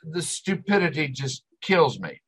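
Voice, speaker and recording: A man's voice: a little high, sing-song, a little slow, slightly rough, low-quality recording. An older man hosting a talk show, ranting with exasperation and sarcasm. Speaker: host. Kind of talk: ranting commentary.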